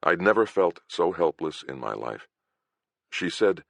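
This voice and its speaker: A man's voice: deep voice, very animated, measured pace, vocal fry, no echo. A man reading a fantasy detective novel aloud in a dry, wry first-person narration. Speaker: audiobook narrator.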